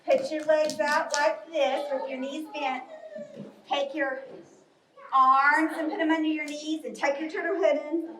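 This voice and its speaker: A woman's voice: high voice, little pitch movement, a little slow, background noise. A woman leading a live yoga story class for children in a library, giving cheerful, coaxing instructions. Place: library program room. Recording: echoey room, from far off.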